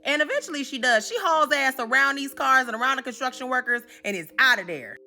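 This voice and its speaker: A sassy woman retelling a story for laughs, full of slang and asides to her viewers. Her voice is high and bright, and her pitch swings widely. Faint music plays underneath. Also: lively intonation, fast. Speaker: comedy recap host. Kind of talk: casual comedic recap.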